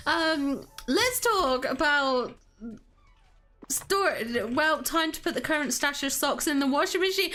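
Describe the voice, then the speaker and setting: Woman, game streamer, giggly casual chat, unhurried, bright tone. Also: high voice, lively intonation, faint music behind. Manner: giggly, laughing to tears, self-deprecating.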